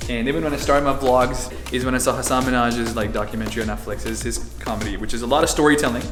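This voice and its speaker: A man doing virtual stand-up, telling stories animatedly with bursts of shouting and laughter. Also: mid-range voice, fairly even intonation, quick pace, roomy sound, over music. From India. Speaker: stand-up comedian. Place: room, performing over a video call. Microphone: video call.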